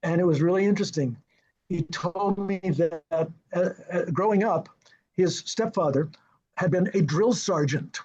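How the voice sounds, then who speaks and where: An older man, a film director, telling anecdotes in an interview, lively and chuckling as he acts out what others said. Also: high-pitched, a little slow, husky, highs cut off. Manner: lively, acts out quoted dialogue, chuckles often.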